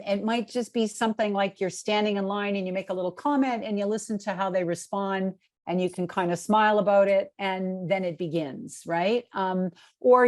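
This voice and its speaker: A woman's voice: mid-range voice, a little mellow. Conversational middle-aged woman storyteller. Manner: conversational storytelling, many fillers and restarts. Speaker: keynote speaker. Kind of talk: speaker Q&A on a video call.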